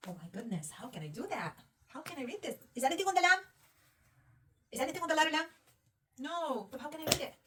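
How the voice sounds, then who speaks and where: Patient high-voiced woman teaching reading. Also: very animated, fast, pauses often, distant mic, noisy background. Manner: patient, coaxing, asks many questions. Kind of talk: one-on-one reading lesson.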